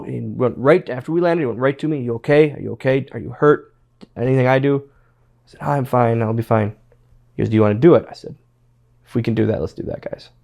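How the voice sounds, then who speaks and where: Male guest, gravelly, middle pitch, rambling anecdotal storyteller who repeats himself. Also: dark tone. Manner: rambling, repeats words, quotes others in his stories. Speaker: interview guest, former pro wrestler. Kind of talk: casual storytelling interview.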